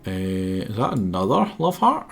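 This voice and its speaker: A man's voice: low voice, big pitch swings, measured pace, gravelly, a bit bright. A man streaming a game, with a sore throat, rambling and self-mocking as he stumbles over his words. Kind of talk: casual game commentary.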